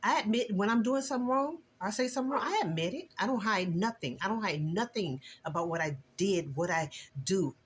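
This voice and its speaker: A woman's voice: a little fast, few pauses, slight background noise. Older woman, christian testimony vlog, earnest, emotional, preachy. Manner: earnest, preachy and emotional, with lively swings in pitch. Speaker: vlogger.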